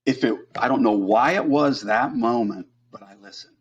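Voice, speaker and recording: A middle-aged man telling a personal story as a podcast guest, earnest and halting, with frequent fillers. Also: medium pitch, breathy edge, muffled recording.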